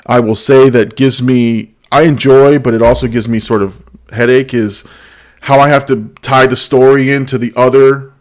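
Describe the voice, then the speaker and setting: A man's voice: mid-range voice, steady tone, moderate pace, darkish tone. A middle-aged man hosts a laid-back pop culture show. He talks casually and hesitantly, with frequent restarts and small laughs between thoughts. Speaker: podcast host.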